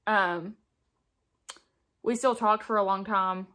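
A young woman talks through a get-ready-with-me makeup session at home. She is chatty and candid, leaning on fillers like "like" and "um" in loose, rambling sentences. Her voice sits at an ordinary middle pitch. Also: steady tone, takes it slowly, fairly bright tone. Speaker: beauty vlogger. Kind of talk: casual get-ready-with-me chat. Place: indoors at home, doing makeup on camera.

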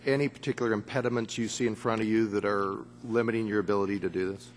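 A man with a fairly low voice asks a witness brief, courteous questions at a formal hearing. A faint hum sits behind him. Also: steady tone, fast talker.

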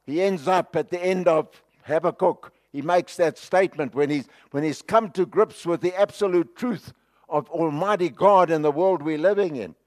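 Delivering a sermon in a South African accent, this male preacher shifts passionately from loud eruptions to quiet, hushed moments. He speaks at a fairly high pitch and a moderate pace.

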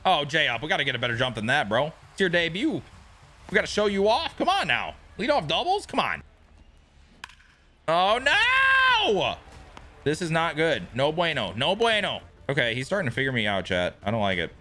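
A young man streaming a baseball video game, commenting casually, swearing and yelling at big plays. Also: fairly high pitch, fairly quick, a little hiss or hum. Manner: excitable, yells at big plays, swears, talks to chat. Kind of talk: live gameplay commentary.

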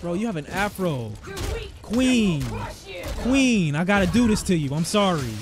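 A young man giving excitable, trash-talking commentary while playing a video game. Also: high-pitched, quick pace. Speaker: gaming streamer. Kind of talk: let's-play commentary. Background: game soundtrack.

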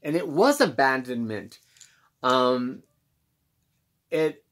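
A man speaking candidly as host of his own self-help channel, reflective and halting with many pauses and restarts. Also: mid-range voice, sing-song, fairly bright tone. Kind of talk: candid personal monologue.

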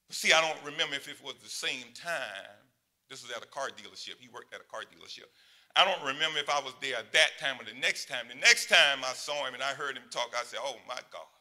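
A pastor in his sixties delivers a sermon conversationally and at a quick pace. He drops into quiet asides, then rises to loud, high exclamations.

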